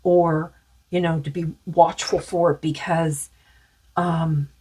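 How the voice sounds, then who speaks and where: A woman with a husky, somewhat low voice talks through a spiritual card reading. She muses and rambles with lots of fillers, and her voice is starting to go. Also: little pitch movement, slow pace, dark tone. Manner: rambling, musing, many fillers. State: losing her voice. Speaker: tarot card reader.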